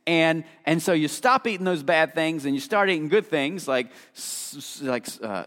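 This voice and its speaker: Chatty preacher man, high-ish voice. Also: a bit bright. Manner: casual, filler-heavy, acts out quoted voices. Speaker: pastor. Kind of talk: conversational sermon. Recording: long hall reverb.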